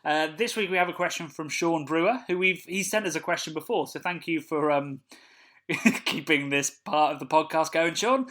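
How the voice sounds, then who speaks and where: A man's voice: fairly high pitch, moderate pace. Jokey man hosting a podcast. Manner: relaxed, jokey, laughs easily. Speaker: podcast co-host. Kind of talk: casual chat.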